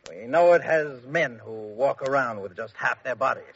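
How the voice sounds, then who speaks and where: A man's voice: mid-range voice, moderate pace, fairly bright tone, slightly rough. An actor playing a pompous, haughty king in 1940s radio drama. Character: pompous proud king, father of the princess. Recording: dull old radio broadcast.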